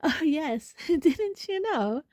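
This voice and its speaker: A woman's voice: a little high, moderate pace, darkish tone, dry recording, studio quality, natural voice. A woman reading a storybook, voicing a clever teenage schoolgirl with a sweet, pointed manner. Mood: sweetly pointed.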